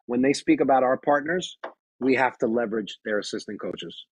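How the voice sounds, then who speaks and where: A man's voice: medium pitch, normal speed, breathy edge, no room sound, poor audio. A man giving a webinar presentation as a referee trainer, talking firmly and emphatically, repeating his key phrases.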